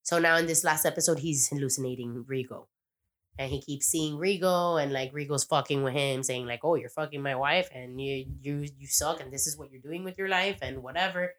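A young woman with a low, slightly bright voice talks fairly quickly as a podcast host, casually recapping a TV show. She rambles, swears, and acts out quoted lines along the way.

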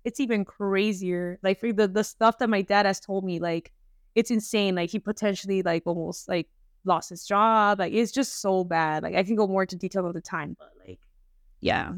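A woman's voice: mid-range voice, steady tone, moderate pace, no echo, studio quality. A woman whose first language is Spanish, chatting casually and rambling with lots of fillers as a podcast co-host. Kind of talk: casual chat.

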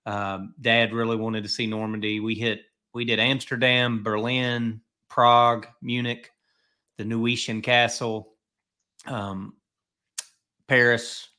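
A man's voice: medium pitch, little pitch movement, slow pace, sharp tone. A middle-aged man hosting a podcast, telling stories in a rambling, chatty way. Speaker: podcast host. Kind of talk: casual podcast chat.

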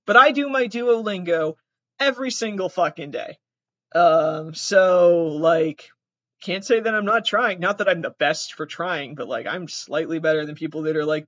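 A young comedian vlogger speaks at normal speed in a medium-pitched voice, rambling casually with free swearing and plenty of giggles. No external mic was used, so the built-in device mic gives a dry, dull, lo-fi sound with no room sound.

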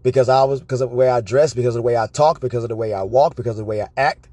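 A man with a husky voice tells casual stories to his viewers, animated and loose with his swearing. He is recorded dry and close, with no room around him. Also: medium pitch, rapid-fire, no echo. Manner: animated, profane, tag questions like "right?". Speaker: vlogger. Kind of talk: casual storytelling monologue.

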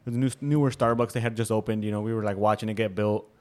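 Fast-talking young man telling a story, swearing. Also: fairly low pitch, steady tone, a little mellow. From Nebraska, US. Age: young adult. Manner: swears often, storytelling with acted quotes. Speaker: podcast co-host. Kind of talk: casual chat. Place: home room.

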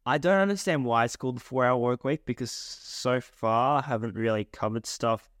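Young male podcast co-host, mid-pitched, chatty teasing tone, dry close mic. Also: moderate pace, a bit bright, dry recording. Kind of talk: casual chat.

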